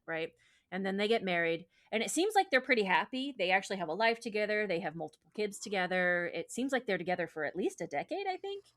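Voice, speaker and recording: A woman's voice: on the low side, a bit bright. A woman podcast host retelling a myth in casual chat, with lots of fillers and profanity. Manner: chatty, profane, filler-heavy.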